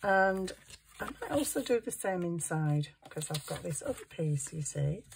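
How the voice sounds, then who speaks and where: A woman's voice: fairly low pitch, expressive, normal speed, vocal fry, slight background noise. A woman making a junk journal, chatting to herself as she works. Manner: chatty, talks to herself while working. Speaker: crafting vlogger. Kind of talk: casual crafting chat.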